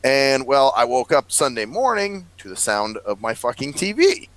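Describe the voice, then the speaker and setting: A man's voice: medium pitch, lively intonation, moderate pace, fairly bright tone, no echo, rough recording. A man rambling through a long story in casual chat, swearing freely and laughing often. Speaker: podcast co-host.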